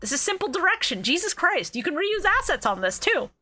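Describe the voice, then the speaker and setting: A woman's voice: very high-pitched, big pitch swings, brisk, bright, forceful tone. A young woman co-hosting a podcast in casual, profane chat, joking and laughing often. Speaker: podcast co-host.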